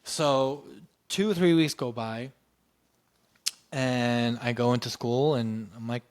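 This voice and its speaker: A man recounting a personal story in a loose, conversational way. He keeps restarting his sentences and leans on "you know". He brings the story to life by jumping up in pitch to act out what other people said. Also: slow, clear, resonant tone. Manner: animated, acts out quoted voices with big pitch jumps. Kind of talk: casual anecdotal storytelling.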